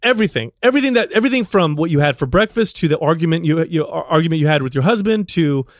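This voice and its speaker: A man's voice: on the high side, lively intonation, fast, no room sound, clean studio sound. A man co-hosting a podcast, a fitness trainer explaining his approach in an earnest, rambling way. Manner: earnest, explanatory, many restarts. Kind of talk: casual podcast chat.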